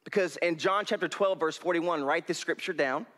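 A young male preacher, giving a folksy, animated sermon in a church hall on a headset mic and laughing often. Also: fairly high pitch, moderate pace.

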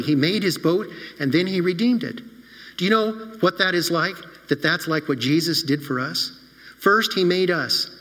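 A man preaching a children's sermon in the voice of an animated storyteller, often stopping to ask his listeners questions. His voice is bright and slightly high. A long reverb trails after him, as in a large hall.

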